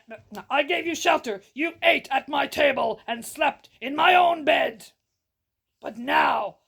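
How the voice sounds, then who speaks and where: A woman voicing an angry male beast in a read-aloud story, with a hammy, gravelly growl. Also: high-pitched, pitched below the performer's own voice, heavily acted. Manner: theatrical, playfully hammy.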